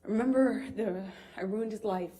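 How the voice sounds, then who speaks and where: A woman giving courtroom testimony, halting and emotional, with frequent fillers and restarts. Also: medium pitch, dark tone. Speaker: witness testifying.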